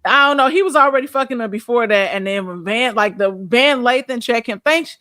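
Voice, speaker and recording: A woman's voice: on the high side, a little fast, a bit bright, no echo, clean studio sound. Blunt profane woman co-host. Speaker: podcast co-host. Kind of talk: casual chat.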